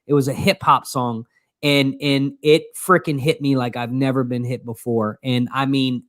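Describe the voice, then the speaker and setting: Co-hosting a casual motivational talk show, a man speaks earnestly in a steady, mid-range, fairly bright voice at a moderate pace, with many restarts and stumbles. The studio sound is clean, with no room sound.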